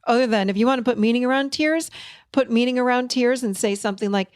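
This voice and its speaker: A woman's voice: on the high side, quick pace, smooth, dry recording, studio quality. Emphatic woman, self-help host. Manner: warm, emphatic, repeats key words. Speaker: podcast host and therapist. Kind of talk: encouraging self-help talk to listeners.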